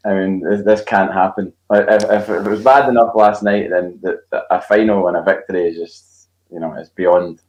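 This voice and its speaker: Jokey low-voiced man in an echoey room. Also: fairly even intonation, moderate pace, darkish tone, muffled recording. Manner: jokey, laughs often. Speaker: podcast co-host. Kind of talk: casual football chat.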